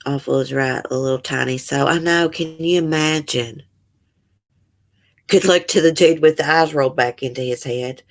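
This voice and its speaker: A woman's voice: low-pitched, moderate pace. A woman hosting casual true-crime commentary, reading news aloud and reacting emotionally and bluntly. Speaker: channel host.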